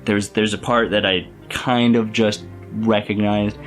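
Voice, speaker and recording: A man's voice: fairly low pitch, little pitch movement, measured pace, a bit bright, faint music behind. A young man casually reviewing a favorite film in a rambling, enthusiastic vlog, full of fillers and restarts. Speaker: youtuber.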